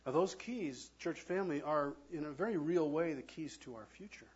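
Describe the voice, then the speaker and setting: A male pastor with a slightly husky, somewhat high voice delivers a sermon. He leans hard into some words and then drops almost to a whisper on others. The recording sounds a little muffled and lo-fi. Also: moderate pace. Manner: preaching with dramatic swings from loud emphasis to hushed near-whispers.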